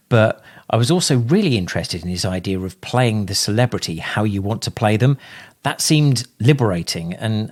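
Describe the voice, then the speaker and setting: A man's voice: lowish voice, a little mellow. A man hosting a podcast, narrating between clips and asking friendly, curious questions. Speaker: podcast host.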